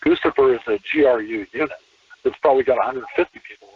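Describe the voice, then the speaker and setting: A man, a podcast guest, talking in an animated casual way with many restarts and repeated words. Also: medium pitch, fast talker, husky, no room sound, recorded from a distance. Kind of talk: casual conversation. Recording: tinny phone-line call.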